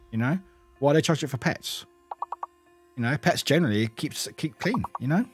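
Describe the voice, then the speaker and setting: A rambling streamer, a man chatting loosely with his viewers between bits of play. His voice sits a little high and swings widely in pitch. He laughs often and swears casually, with faint music under him. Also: expressive, brisk. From United Kingdom. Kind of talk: casual chat with viewers while gaming.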